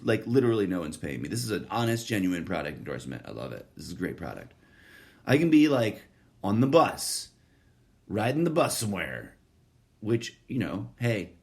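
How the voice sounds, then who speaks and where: A man's voice: fairly low pitch, darkish tone. A man hosting a solo podcast, talking in a profane, sardonic, rambling monologue that keeps wandering off topic. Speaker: podcast host.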